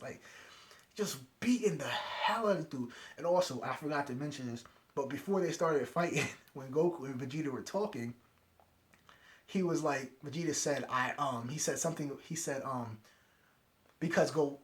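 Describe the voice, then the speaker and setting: A young man reviewing an anime episode in a casual, excited recap, retelling scenes and acting out the lines he quotes. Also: fairly high pitch.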